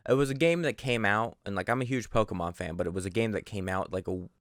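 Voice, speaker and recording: A young man co-hosting a podcast, rambling through casual chat in an animated, sweary way. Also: fairly low pitch, quick pace, no echo, clean studio sound. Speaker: podcast co-host. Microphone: studio microphone.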